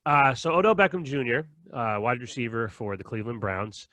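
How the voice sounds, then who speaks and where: Man hosting a podcast, rapid-fire storyteller, dry close sound. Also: medium pitch, lively intonation, pushed and bright, no echo. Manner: rambling, laughs often, acts out quotes. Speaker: podcast host. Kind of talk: casual chat, storytelling.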